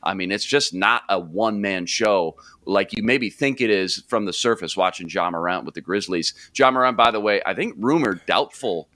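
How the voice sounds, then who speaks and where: A man's voice: moderate pace, few pauses, dry recording. A man hosting a sports talk show, chatting casually with energy and laughing easily. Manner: energetic, laughs easily, drops pitch at phrase ends.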